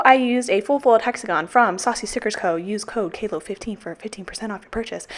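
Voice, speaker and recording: A young woman with a Texan accent giving a casual, profane, self-mocking voiceover as a planner vlogger, a little out of breath. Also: medium pitch.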